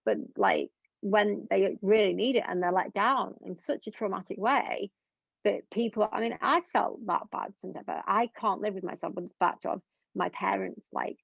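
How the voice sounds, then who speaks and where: This young woman is a guest in a candid interview, speaking earnestly and rambling with lots of fillers. Her mid-range voice is gravelly and slightly rough, with lively intonation at normal speed. The audio is dry, dull, and lo-fi.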